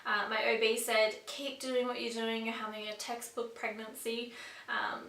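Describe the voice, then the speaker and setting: A woman's voice: on the high side, level tone, normal speed, fairly bright tone, a little hiss or hum. A pregnant woman in her twenties chatting casually and upbeat in a vlog, with frequent fillers. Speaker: vlogger. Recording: echoey room, mic a bit distant.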